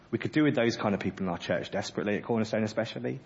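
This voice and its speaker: A man's voice: lowish voice, racing, few pauses. A man preaching a sermon in church, earnest and passionate with humorous asides. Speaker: pastor. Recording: dull lo-fi sermon audio.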